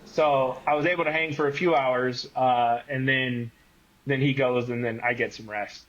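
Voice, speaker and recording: A man's voice: medium pitch, moderate pace, highs cut off, slight background noise. A man, a guest on a running podcast, telling stories in casual conversation with lots of "like" fillers. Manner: animated storyteller, many fillers like "like".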